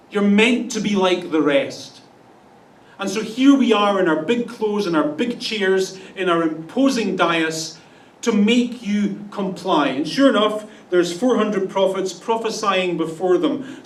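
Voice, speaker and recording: A man with a Canadian accent preaching a sermon in a conversational way, often putting questions to the congregation. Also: high voice. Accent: Canadian English. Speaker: pastor. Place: church sanctuary. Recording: roomy church sound from a distance.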